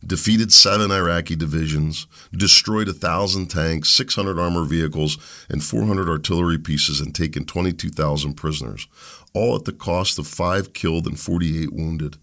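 Deep, gravelly-voiced man ranting on a podcast. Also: moderate pace. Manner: rambling, animated, mocks opponents in put-on voices. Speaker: podcast host. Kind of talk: opinion podcast monologue.

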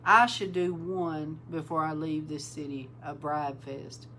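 Lowish-voiced woman preaching with animated emphasis. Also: a little slow, slight background noise, poor audio. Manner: animated, repeats words for emphasis, addresses listeners as bride; breaks into loud exclaiming and laughter. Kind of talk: informal sermon.

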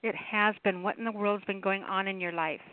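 The host of this call-in poetry radio show is a woman who talks casually and meanders, filling gaps with lots of fillers. Her mid-range voice moves a little fast with fairly even intonation, heard through thin phone-line sound.

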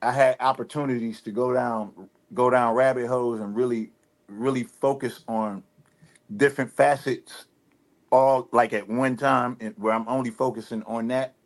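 A man with a Detroit drawl speaks in a laid-back, rambling way, circling back with fillers and restarts as he talks through his thoughts. His voice sits at a middling pitch. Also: fairly even intonation, moderate pace. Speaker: rapper guest. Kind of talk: casual interview talk.

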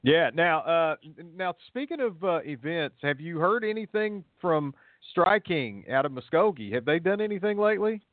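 A man's voice: fairly high pitch, animated, moderate pace, no echo. A man hosting a podcast in casual chat, folksy and rambling, often repeating his words. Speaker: podcast host. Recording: tinny phone-like audio, dry.

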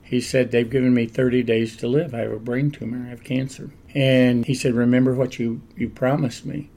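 An older male pastor with a gravelly, creaky voice at a middle pitch. He tells his stories in an animated way and often laughs as he talks. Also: a little fast. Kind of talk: storytelling in a conversational interview.

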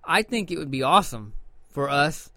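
A man's voice: a little high, big pitch swings, moderate pace, sharp tone, no room sound. A man co-hosting a podcast, talking in a rambling, emphatic way and swearing freely. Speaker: podcast co-host. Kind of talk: casual profane chat.

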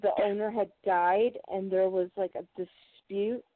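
A woman's voice: medium pitch, steady tone, a little slow, no room sound. A woman co-hosting a casual chat, explaining things hesitantly with fillers. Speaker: co-host. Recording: tinny phone-like line.

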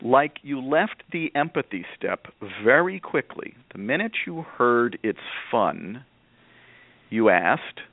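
A calm man hosts a call-in advice show, his voice narrow and phone-like. He explains things patiently and in a measured way, with a dry, close sound. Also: medium pitch, dry recording. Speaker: radio show host, parenting expert.

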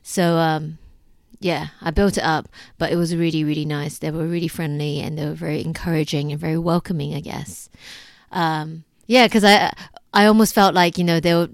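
Young woman vlogger w a really low voice, chatty n upbeat, dry close mic. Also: steady tone, moderate pace, vocal fry, no room sound. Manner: upbeat, chatty, repeats words for emphasis. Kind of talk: casual chat.

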